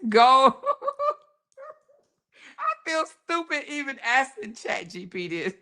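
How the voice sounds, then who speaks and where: A woman hosting a casual livestream, reading chat comments aloud and reacting with frequent laughter and animated, slangy talk. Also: mid-range voice, unhurried. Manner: animated, laughs often, African American Vernacular English.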